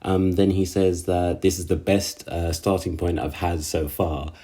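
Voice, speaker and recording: A man with a low, warm, mellow voice talks casually through an anime episode. He speaks in slang, stumbles through fillers, and sounds openly exasperated with the characters. It comes across as a relaxed solo reaction recording. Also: moderate pace, hardly any pauses. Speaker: anime reviewer. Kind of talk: casual episode recap and rant.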